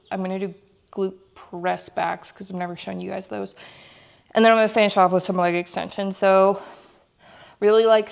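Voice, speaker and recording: A young woman talks casually through her leg day in a home gym, a little breathless between sets. She chats easily and laughs often, with a pitch right in the middle for a woman. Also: vocal fry. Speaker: fitness vlogger. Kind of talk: casual workout vlog.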